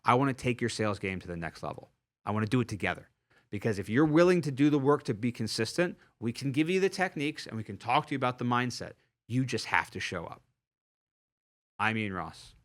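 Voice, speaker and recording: A man hosting a sales podcast, delivering an energetic motivational talk and repeating key points for emphasis. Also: medium pitch, fairly quick. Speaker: sales trainer and podcast host.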